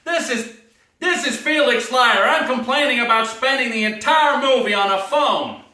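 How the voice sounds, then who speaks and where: A fretful, complaining spy, as a man puts him on, pitched high and bright. He sounds roomy and a little distant, as from a theatre stage. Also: normal speed. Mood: whiny. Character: fretful American male CIA agent.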